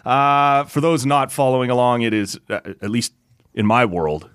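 A man co-hosting a casual beer-tasting podcast, relaxed and rambling with lots of fillers. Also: medium pitch, normal speed, smooth, no echo, clean studio sound. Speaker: podcast co-host.

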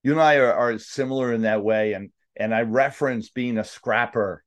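A man's voice: mid-range voice, normal speed. Earnest New man hosting a podcast. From Staten Island, New York. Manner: earnest, reflective, with restarts. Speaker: podcast host. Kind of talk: conversational interview.

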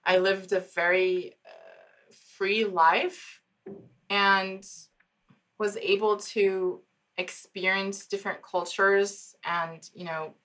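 Woman, forties, from Germany, podcast guest, bright tone, lively storyteller. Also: mid-range voice, slow. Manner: laughs often, animated storyteller. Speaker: podcast guest, psychologist and founder. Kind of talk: casual interview chat.

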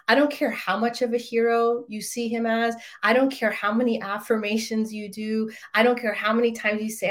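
A woman's voice: medium pitch, moderate pace, few pauses. A woman teaching an online relationship course for wives, talking in an emphatic, casual way, swearing now and then and often tagging "right?" and "like". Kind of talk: motivational online course talk.

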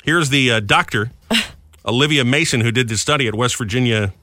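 A man's voice: medium pitch, moderate pace, bright, forceful tone, no room sound. A man co-hosting a morning radio show, telling funny news stories in a playful, joking way.

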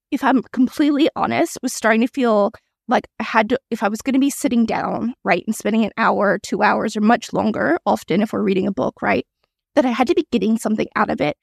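A woman's voice: mid-range voice, creaky, breathy edge, dry recording, clean studio sound. A woman hosting her own podcast, talking alone in a chatty, candid way with frequent small laughs and asides. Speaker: podcast host. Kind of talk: solo reflective podcast talk.

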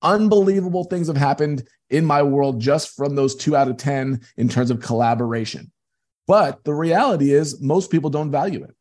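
A man's voice: on the high side, moderate pace, darkish tone. A man being interviewed as a guest, telling earnest, emphatic stories about his business. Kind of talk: conversational interview.

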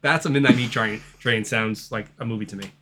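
A man's voice: mid-range voice, fairly even intonation, a little fast, a bit bright, slight background noise. A man hosting a horror movie podcast, chatting in a crude, rambling way and laughing easily. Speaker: podcast host. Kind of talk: casual podcast chat.

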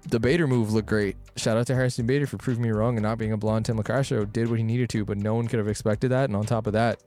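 Low-voiced man ranting about sports. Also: fairly even intonation, quick pace, darkish tone, faint music behind. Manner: rambling, frustrated sports rant with fillers. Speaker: podcast co-host. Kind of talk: casual chat.

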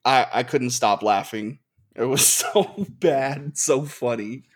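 A man co-hosting a podcast in casual chat who rants in an animated way and swears freely. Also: medium pitch, slow pace, slightly rough. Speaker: podcast co-host.

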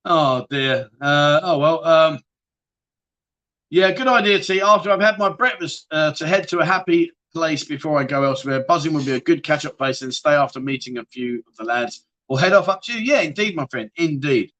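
Bright, jokey man hosting a livestream. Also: a little high, moderate pace. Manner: jokey, laughing, banter with viewers. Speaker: livestream host. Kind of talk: casual livestream chat reading viewer comments.

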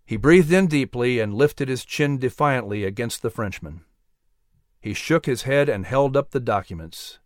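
A man narrating a historical storybook tale in a measured, dramatic scripted reading. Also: medium pitch, animated, no room sound, clean studio sound.

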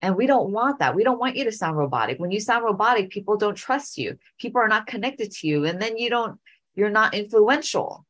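A middle-aged woman hosting a podcast, telling a story and giving speaking advice in an animated way, often repeating phrases. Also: mid-range voice, a little fast. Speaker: podcast host and speaking coach.

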